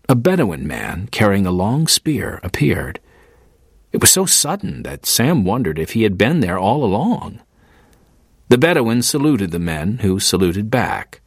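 Male audiobook narrator, husky, low, expressive, dry. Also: no room sound. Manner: measured storytelling.

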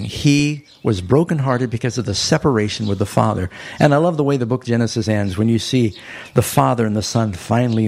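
Gravelly-voiced man preaching animatedly. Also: mid-range voice. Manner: animated storytelling, rising sharply for emphasis. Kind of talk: sermon.

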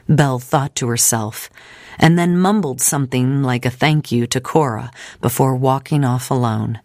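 A woman narrating an audiobook in a measured, expressive storytelling manner. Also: a bass voice, no echo, studio quality.

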